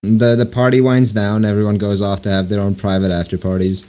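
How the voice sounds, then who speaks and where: A man narrating as game master of a tabletop game, halting with fillers. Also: fairly low pitch, level tone, warm tone. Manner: halting, many fillers and restarts.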